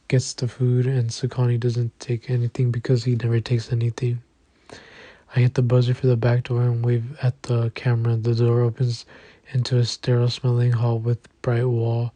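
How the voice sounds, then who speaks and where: A man narrating an audiobook in the first person, with a steady, even delivery. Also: medium pitch, no echo. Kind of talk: scripted narration.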